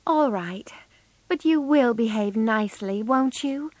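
A woman's voice: on the high side, unhurried, dry recording, pitched above the performer's own voice, close to an everyday voice. A woman voicing an eager, fussy teenage girl in a storybook reading. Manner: excited, pleading.

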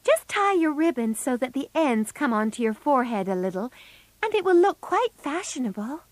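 A woman's voice: high-pitched, sing-song, moderate pace, no room sound, voice pushed up. A woman voicing a prim, reassuring young girl in a storybook.

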